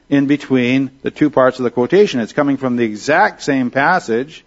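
A man's voice: medium pitch, normal speed, few pauses, muffled recording. A man teaching a Bible class, explaining passages verse by verse and often checking in with his listeners. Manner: explanatory, checks in with "all right?".

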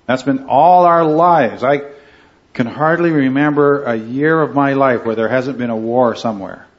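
A man of ordinary pitch leads a Bible study group, teaching earnestly and often pausing to ask "right?" as he goes. His voice comes through a dull, lo-fi recording. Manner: earnest, checks in with "right?" and "okay".

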